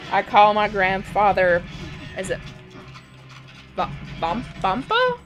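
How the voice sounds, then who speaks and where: Slow-talking woman chatting on stream. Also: mid-range voice, flat delivery, lo-fi sound. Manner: rambling, anecdotal, laughs often. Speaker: live streamer. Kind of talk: casual chat while gaming. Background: video game music.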